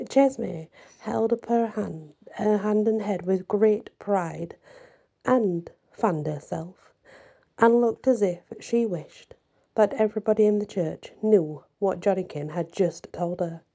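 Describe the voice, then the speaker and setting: A woman reading a fairy tale aloud in a measured, expressive way. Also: medium pitch, gravelly. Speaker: storyteller.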